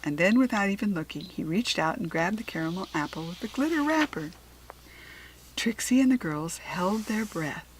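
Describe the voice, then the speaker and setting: A woman reading a children's storybook aloud, slow, clear and expressive. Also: medium pitch, a little hiss or hum, low-quality recording. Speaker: storybook reader.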